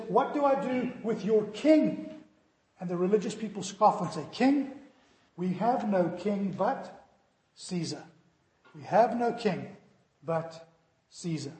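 A man preaching a sermon as pastor, building to loud emphatic points and then dropping to quiet, dramatic asides. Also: sits high. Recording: echoey hall.

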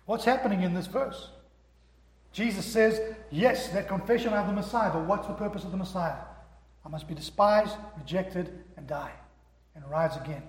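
Brief: male pastor, high voice, emphatic sermon delivery, acts out scripture dialogue, long hall reverb. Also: moderate pace. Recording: echoey hall.

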